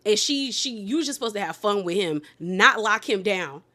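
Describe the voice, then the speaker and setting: A woman casually recapping a reality TV episode, sassy and animated, laughing often and acting out quotes. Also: medium pitch, moderate pace. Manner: sassy, conversational, heavy use of "like".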